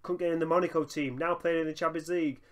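A young man giving excitable running commentary over a football management game, breaking into laughter and shouts. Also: a little high, quick pace. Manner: excitable, bursts into shouting and laughter at big moments. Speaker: gaming YouTuber.

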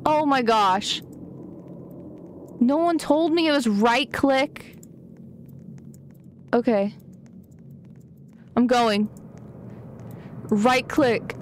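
Young woman, gaming streamer, high lively voice, unhurried talk, excitable, faint background noise. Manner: excitable, gasping and laughing often. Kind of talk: casual gameplay commentary.

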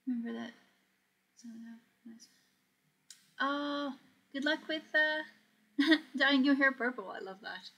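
A young woman from Portugal, high-pitched and expressive, takes her time with long pauses, her voice pushed and bright. She hosts a casual sewing livestream, chatting, reading comments out loud, and laughing often as she sews.

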